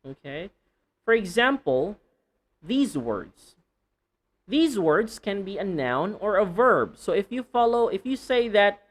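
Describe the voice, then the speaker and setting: A man teaching an online pronunciation lesson, repeating words to drill them, with a deliberate, lightly playful manner. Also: high-pitched, fairly bright tone.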